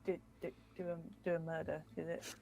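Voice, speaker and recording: A woman's voice: sits low, level tone, brisk, vocal fry, warm tone, faint music behind. A woman playing in a tabletop game, joking around and laughing often with the table. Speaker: player. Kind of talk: casual tabletop play.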